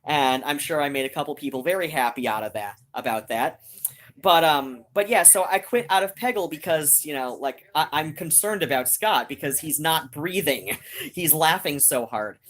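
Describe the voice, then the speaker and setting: A woman with a slightly low voice hosts a casual live stream. She rambles through a story, circling back with fillers and restarts. She talks directly to the viewers watching in chat. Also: animated, moderate pace.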